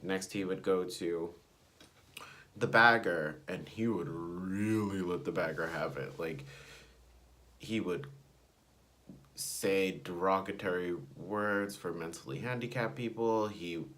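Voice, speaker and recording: A man's voice: sits low, takes it slowly, a bit bright. A young man vlogging a personal story, rambling and digressing with many fillers. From United States. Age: young adult.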